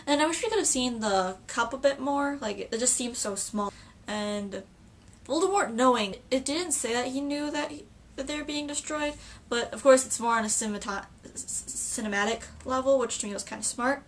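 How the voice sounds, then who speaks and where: Woman, slightly high voice, casual film reaction chat, excitable, gushing, lots of fillers and restarts. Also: moderate pace, far from the mic.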